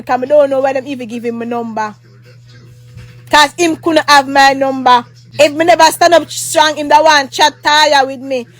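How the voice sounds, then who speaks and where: A woman's voice: high voice, no echo. A woman with a Jamaican accent telling a rambling, heated storytime rant, repeating herself, swearing often and breaking into mock prayer. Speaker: vlogger. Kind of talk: ranting storytime monologue.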